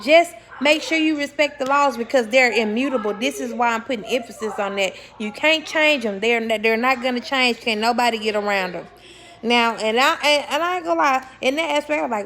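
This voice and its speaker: A woman's voice: fairly high pitch, fairly quick, a bit bright. A young woman talking casually to her viewers about spirituality, blunt and swearing freely, often repeating words for emphasis and laughing as she talks. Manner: laughs while talking, self-correcting. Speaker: spiritual vlogger. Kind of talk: casual spiritual talk to camera.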